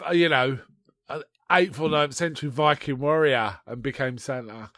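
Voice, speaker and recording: A man on a podcast, casually retelling a film in a rambling, animated way with restarts. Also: medium pitch, moderate pace, no room sound, studio quality. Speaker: podcast co-host. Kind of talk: casual chat reviewing a film.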